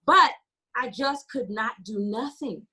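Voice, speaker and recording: A woman's voice: a little high, expressive, slow pace, pushed and bright, breathy edge. An American woman speaking as a community organizer in a panel discussion, telling stories passionately and quoting dialogue. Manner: passionate, storytelling with quoted dialogue.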